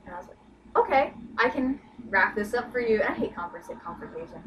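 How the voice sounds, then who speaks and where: A young woman rattles through a workplace story in a casual chat, peppering it with "like" and "you know". Her voice sits fairly high and she talks quickly. She sounds set back from the mic, over a clear bed of background noise. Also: expressive, a bit bright, far from the mic, poor audio. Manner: chatty, lots of "like" and "you know". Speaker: podcast co-host.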